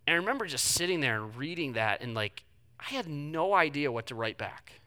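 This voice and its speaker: A man preaching a sermon as a pastor, telling the story in a conversational, humorous way, moving between hushed reflection and loud, pleading questions. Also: fairly high pitch, very animated, a little fast.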